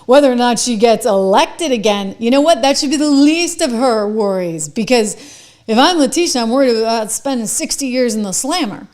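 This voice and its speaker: A woman's voice: on the high side, lively intonation, moderate pace, darkish tone. A middle-aged woman hosting a political commentary monologue, sarcastic and mocking.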